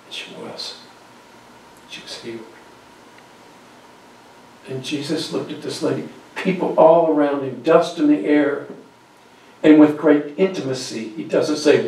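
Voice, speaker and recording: A man's voice: fairly high pitch, unhurried, long pauses, warm tone, slight background noise. Guy preaching a bible story, drops almost to a whisper, very echoey church, far from the mic. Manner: acts out quoted voices, drops to near whispers. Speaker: guest speaker. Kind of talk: storytelling sermon. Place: church sanctuary.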